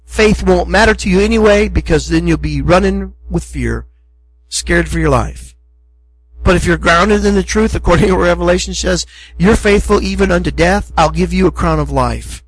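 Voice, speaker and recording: A man's voice: high-pitched, normal speed, low-quality recording. A middle-aged male pastor preaching a sermon in a conversational, emphatic way, acting out short asides.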